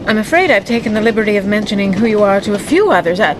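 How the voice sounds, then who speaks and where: A woman's voice: medium pitch, lively intonation, very fast, noisy background, close to an everyday voice. An actress playing a poised, dryly teasing woman doctor in a radio drama. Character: witty, self-assured woman doctor, adult.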